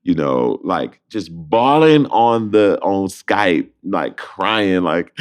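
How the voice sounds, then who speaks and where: A young adult man from Detroit, a Broadway actor with a deep bass voice, telling a lively story as a guest and acting out both sides of the phone calls he describes. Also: unhurried, few pauses. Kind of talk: animated storytelling in conversation.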